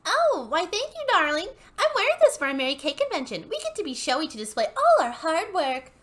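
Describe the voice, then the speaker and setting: A woman's voice: very high voice, huge pitch swings, brisk, a bit bright, voice pushed up, exaggerated voice. A woman voicing a sweet-talking middle-aged female saleswoman in a chirpy, syrupy sing-song. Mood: sugary.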